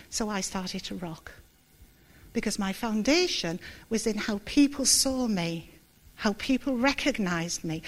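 A middle-aged woman giving a candid, self-deprecating church testimony, halting and close to tears. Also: mid-range voice. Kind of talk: sermon with personal testimony.

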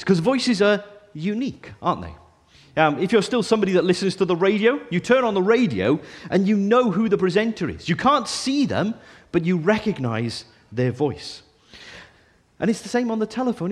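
A man preaching a sermon, his voice sitting fairly high for a man. He talks to the congregation in a relaxed, conversational way, often pausing with ums and little restarts. He sounds like he is in his thirties. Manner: conversational, warm and self-deprecating, with frequent ums. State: deaf in his left ear this morning.

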